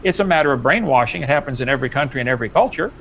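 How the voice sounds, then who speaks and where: A man's voice: mid-range voice, animated, very fast, gravelly, fairly bright tone, lo-fi sound, slight background noise. A man arguing emphatically in a live-stream debate, his voice jumping up when he presses a point. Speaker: debate guest.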